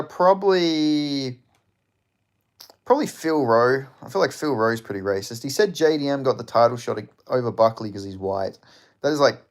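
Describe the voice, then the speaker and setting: A man with an Australian accent hosting a livestream, chatting casually and answering viewer comments in a loose, joking way, swearing often and laughing between lines. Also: mid-range voice. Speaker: livestream host.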